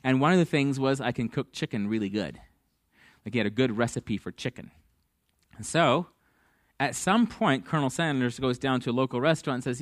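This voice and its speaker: A man's voice: medium pitch, a little fast, no echo, clean studio sound. A man preaching a sermon, telling stories and acting out the people in them. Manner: storytelling, acts out dialogue. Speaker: pastor.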